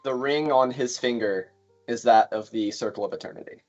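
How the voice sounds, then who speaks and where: A man's voice: mid-range voice, normal speed, a little mellow, lo-fi sound, faint music behind. Laid-back man running a tabletop game. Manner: casual narration with fillers. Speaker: game master.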